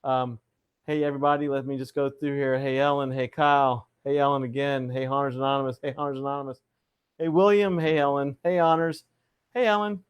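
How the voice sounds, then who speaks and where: A man's voice: mid-range voice, level tone, brisk, clean tone. Playful man hosting a live chat. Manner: playful showman greetings, reads viewer comments aloud. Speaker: livestream host. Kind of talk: casual live chat show.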